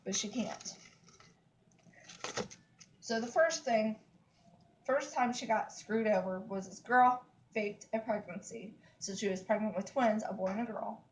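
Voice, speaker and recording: A woman's voice: mid-range voice, unhurried, long pauses, a little hiss or hum, low-quality recording. A woman, venting in a casual vlog, emphatic and repetitive, with lots of "like, seriously.". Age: 30s. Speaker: vlogger. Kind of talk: upset casual rant to camera.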